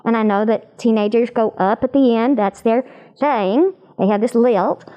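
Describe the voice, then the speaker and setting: A woman voice actor in an animated interview chat, demonstrating voices as she explains her craft. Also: a little high, moderate pace.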